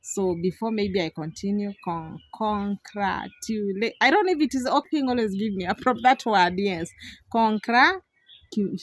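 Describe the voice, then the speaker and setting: A young woman talks straight to her viewers from a village, animated and quick to laugh, circling back to the same phrases. Her voice sits at an ordinary middle pitch, and the recording is dry, with almost no room sound. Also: no echo. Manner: animated, laughs often, repeats herself. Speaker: vlogger. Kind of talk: casual vlog commentary. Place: outdoors in a village.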